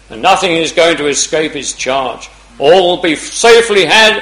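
A man preaching a gospel sermon, fervent, swinging between loud declarations and hushed pleading, often clearing his throat. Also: fairly high pitch. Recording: echoey hall.

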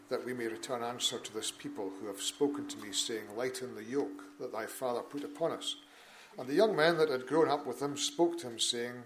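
A man with an ordinary mid-range voice reads scripture aloud at a church meeting. His delivery is steady and measured. He breaks off now and then for short plain asides to the listeners. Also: mid-range voice, noisy background. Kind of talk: Bible reading at a church meeting.

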